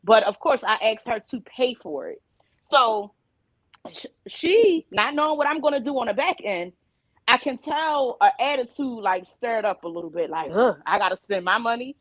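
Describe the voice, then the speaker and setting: A woman on a casual panel discussion, telling a story about her daughter in an animated way and acting out the dialogue. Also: a little high, moderate pace, dry recording, rough recording. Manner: animated storyteller who acts out quoted dialogue. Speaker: panelist and mother.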